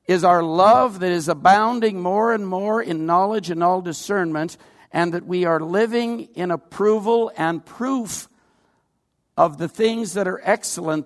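A man's voice: on the high side, big-room sound. An older Canadian man preaching a sermon, earnest and folksy, with personal stories woven in. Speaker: pastor.

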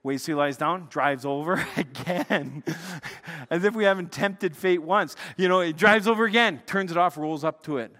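A middle-aged man preaching a sermon, telling stories in an animated way that swings between loud excitement and hushed intensity. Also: on the high side, measured pace, pauses often. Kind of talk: sermon with storytelling. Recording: long reverb of a large hall.

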